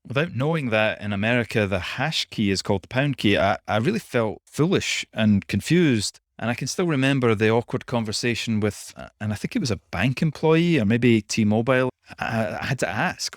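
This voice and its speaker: A man's voice: mid-range voice, lively intonation, moderate pace, few pauses, no echo, clean studio sound. A man with a Scottish accent hosting a podcast, chatting casually with wry, self-deprecating humor. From United Kingdom. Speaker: podcast host.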